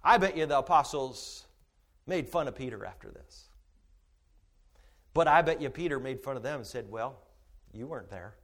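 A man preaching a sermon as pastor, emphatic, swinging from shouted peaks to hushed asides. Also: medium pitch, expressive, normal speed, long pauses.

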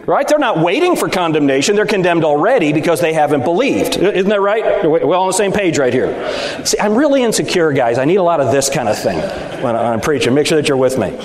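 Emphatic Baptist preacher in an echoey hall. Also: male voice, on the high side, big pitch swings, a little fast, a little hiss or hum. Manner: emphatic, rhetorical, seeking agreement from the audience. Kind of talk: sermon at a preachers' meeting. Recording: echoey hall, speaker at times off mic.

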